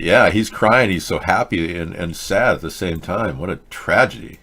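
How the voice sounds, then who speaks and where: Low-pitched man hosting political chat. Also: normal speed, pushed and bright. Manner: indignant, rambling, talks back to chat. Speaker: host. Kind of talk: live video-chat commentary.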